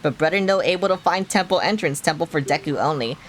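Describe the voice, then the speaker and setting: A woman's voice: deep voice, quick pace, a little hiss or hum, lightly acted. A woman voicing a desperate monkey from a video game who speaks in clipped, broken phrases and pleads for help. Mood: pleading. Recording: game music playing underneath.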